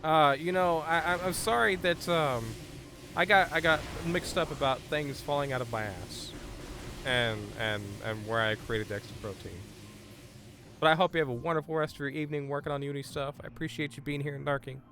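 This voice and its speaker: A man streaming a game live, chatting excitably with viewers and stammering over his words. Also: fairly high pitch, brisk, background noise. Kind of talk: live gameplay stream chat.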